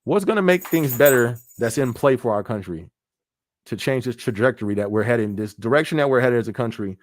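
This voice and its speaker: A man's voice: mid-range voice, a little fast, slight background noise. Laid-back man hosting a live chat. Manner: relaxed, laughs often, reads viewer comments aloud. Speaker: podcast host. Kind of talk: casual live-stream chat.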